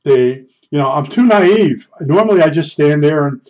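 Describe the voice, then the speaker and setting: A man's voice: on the high side, expressive, normal speed, a little mellow. Rambling man telling dating stories. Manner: rambling, chuckling, self-deprecating. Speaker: storyteller. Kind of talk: casual storytelling. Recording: dull lo-fi recording.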